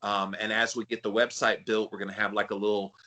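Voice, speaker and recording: Southern man with a bright, forceful voice. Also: fairly low pitch, level tone, fast talker. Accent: Southern US, South Carolina. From South Carolina. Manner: friendly, chatty, lots of fillers. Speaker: podcast co-host. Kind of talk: casual podcast chat.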